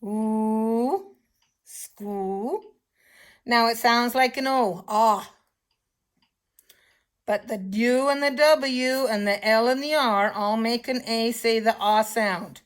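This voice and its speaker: An older woman teaching children phonics, slowly and patiently sounding out words and letters. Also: a little high, steady tone.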